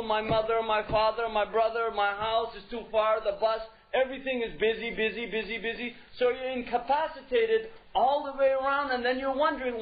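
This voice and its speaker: A man's voice: extremely high pitch, a little hiss or hum. A man giving a religious lecture in an emphatic style, repeating key phrases and asking rhetorical questions. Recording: dull lo-fi recording.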